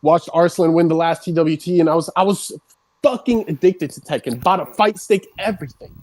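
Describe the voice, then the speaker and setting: A streamer on a heated rant who swears constantly and builds up into shouting, voice starting to crack. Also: medium pitch, a little fast.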